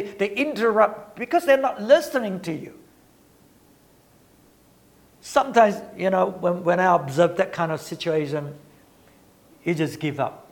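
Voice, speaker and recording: High-voiced man preaching earnestly. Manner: earnest, halting preaching with repeated words and rising emphasis. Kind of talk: sermon.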